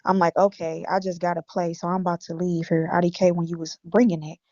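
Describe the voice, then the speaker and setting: On a stream, a guest from Illinois, a woman, recounts her text messages by reading them out bluntly and swearing a lot. She talks fast in a warm, low-leaning voice with a level tone, captured in dull lo-fi audio.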